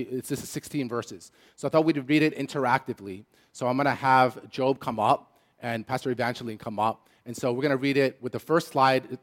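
Pastor guy chatting w the congregation, relaxed sermon talk, mid pitch. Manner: casual, talks straight to the congregation.

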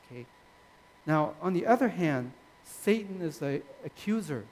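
A man preaching a sermon in a gentle, conversational way with frequent fillers and restarts. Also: a little high, animated, unhurried, rough recording. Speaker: pastor.

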